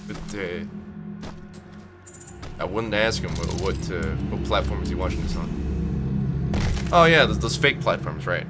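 A young man streams a video game with its music playing behind him, joking, swearing, and riffing on it in silly quoted voices as gameplay commentary. His voice sits low with lively intonation, and he talks unhurriedly with long pauses.

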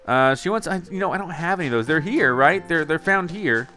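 A man's voice: on the high side, expressive, fairly quick, pushed and bright. A man doing chatty let's play commentary on a mobile game, wondering aloud and talking to his viewers. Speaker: gaming YouTuber.

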